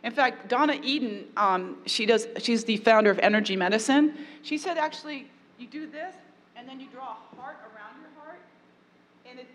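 A woman's voice: a little high, normal speed. Upbeat woman teaching a parenting class. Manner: warm, encouraging, playful asides. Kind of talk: workshop talk to an audience. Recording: echoey hall, faint ambient noise.

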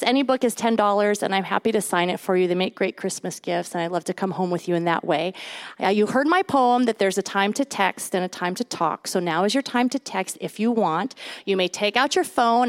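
A woman author giving a chatty, animated live talk to a moms' group, full of little asides. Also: medium pitch. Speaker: author and guest speaker. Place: event before a live audience.

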